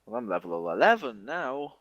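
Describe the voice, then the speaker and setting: A man's voice: medium pitch, sing-song, moderate pace, fairly bright tone, no echo. A young man co-hosting a casual podcast chat, rambling and laughing often as he blurts out whatever comes to mind. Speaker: podcast co-host.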